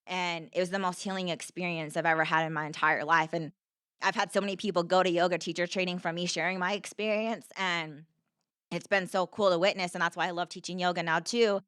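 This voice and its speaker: Young woman guest, slightly low voice, dry close sound, earnest storytelling with lots of fillers. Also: steady tone, fairly quick, a bit bright, clear, resonant tone, dry recording. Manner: earnest, repeats herself, many "like" fillers. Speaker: podcast guest. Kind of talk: conversational storytelling.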